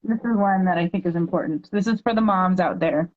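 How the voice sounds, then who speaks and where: A woman guest on a podcast, talking earnestly and reading her own poems aloud slowly and deliberately. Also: lowish voice, phone-quality sound.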